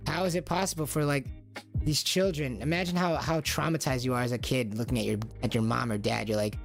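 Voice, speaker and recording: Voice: mid-range voice, fairly even intonation, brisk, gravelly, faint music behind. Stream host musing aloud with rhetorical questions. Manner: rhetorical questions, acts out quoted parents and children. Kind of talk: casual monologue to stream viewers.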